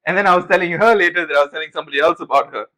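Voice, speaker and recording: A young man with a slightly high voice, chatting casually on a podcast. He tells his stories with lots of energy, acting out what everyone said and dropping swear words along the way. His delivery feels loose and unscripted. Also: racing, rough recording. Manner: animated storytelling, swears, acts out quotes. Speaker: podcast co-host. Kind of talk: casual chat.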